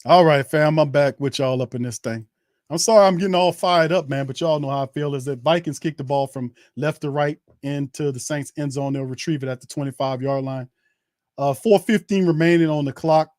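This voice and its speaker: A man's voice: a little high, brisk, darkish tone, no room sound, studio quality. A man hosting a fan watch party, giving heated, indignant live play-by-play and ranting at the referees, often repeating himself.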